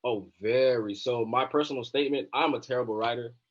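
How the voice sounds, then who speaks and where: A young man in his twenties, a physician assistant student, telling his story in a relaxed, casual interview with many fillers. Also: mid-range voice, brisk. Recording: dull lo-fi sound.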